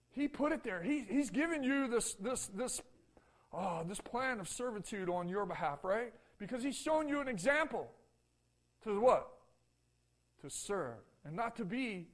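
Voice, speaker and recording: A man preaching a sermon as pastor in a church, emphatic and full of repeated rhetorical questions to the congregation. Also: sits high. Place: church sanctuary.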